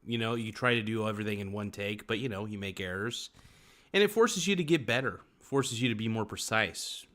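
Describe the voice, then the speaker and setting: A man's voice: on the low side, expressive, fairly quick, a bit bright. Joking male livestream host, off the cuff. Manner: joking, off-the-cuff, laughs often. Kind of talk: casual live-stream chat reading comments.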